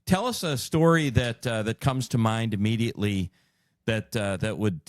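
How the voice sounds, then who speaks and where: A middle-aged man hosting a podcast, asking relaxed, easygoing questions and teasing his guest now and then. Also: fairly low pitch, normal speed, no echo. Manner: easygoing, teasing, uses many fillers. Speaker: podcast host. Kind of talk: casual interview.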